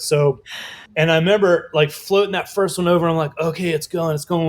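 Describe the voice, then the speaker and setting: A man telling a lively story as a guest in an interview, casual and swearing often, acting out other people's voices. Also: high voice, moderate pace. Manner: animated, swearing, acts out quoted voices. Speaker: guest artist.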